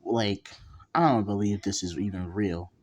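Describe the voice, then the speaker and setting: A man voicing a brash young male pirate who is easily shocked, speaking in a loud, disbelieving way. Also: on the low side, fairly even intonation, measured pace.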